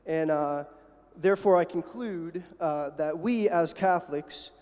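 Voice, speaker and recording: A man's voice: fairly high pitch, darkish tone, clear, resonant tone. Filler-heavy man in an echoing hall. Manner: halting, many fillers, tags "right?". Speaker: student debate speaker. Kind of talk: debate floor speech. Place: university hall. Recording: long hall reverb.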